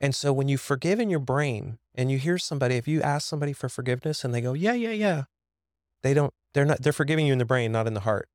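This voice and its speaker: A man's voice: mid-range voice, very fast, hardly any pauses, darkish tone, dry recording, clean studio sound. A man in his fifties, a podcast guest telling a personal story in an earnest, emphatic way, often repeating words as he goes.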